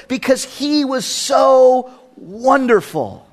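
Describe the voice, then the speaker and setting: A man with a strikingly high-pitched voice delivers a sermon from the pulpit. He speaks emphatically and builds his points by repeating phrases. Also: expressive, slow, hardly any pauses. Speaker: pastor.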